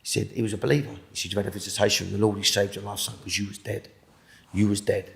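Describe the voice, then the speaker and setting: A man with a British accent giving an emotional personal testimony in an interview, halting and repeating words, sinking to a hush at the most intense moments. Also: on the low side, level tone, gravelly, reverberant. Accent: British English. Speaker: interviewee telling his testimony.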